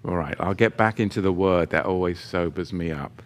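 A man's voice: sits low, moderate pace, hardly any pauses. A man teaching through a Bible chapter verse by verse in a conversational way, with joking asides, reading scripture with emphasis.

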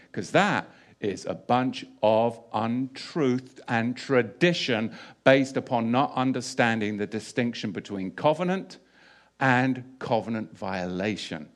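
A man giving an emphatic sermon who often repeats key phrases and asks rhetorical questions. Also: medium pitch. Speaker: Bible teacher.

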